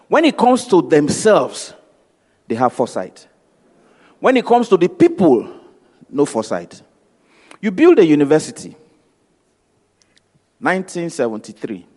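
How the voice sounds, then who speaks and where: Fairly high in pitch with a darkish tone, a man with a Nigerian accent delivers a motivational talk, and long hall reverb surrounds his voice. He tells stories, voicing the dialogue himself and repeating for emphasis.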